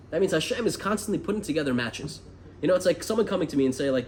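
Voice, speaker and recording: An American man teaching a lively Torah class, asking the room questions as he goes. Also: a little high, racing, a little hiss or hum. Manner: animated, asks the room questions. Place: classroom with a group.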